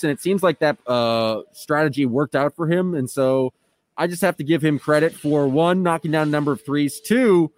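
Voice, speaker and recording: A man hosting a casual sports podcast, chatting in a relaxed way with frequent filler sounds. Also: fairly high pitch. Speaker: podcast host.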